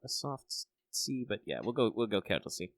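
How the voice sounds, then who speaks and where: A man co-hosting a podcast and running a tabletop game, talking casually and haltingly, with many repeated starts as he searches for words. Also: lowish voice, sing-song, no echo. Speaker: podcast co-host and game master. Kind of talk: casual chat.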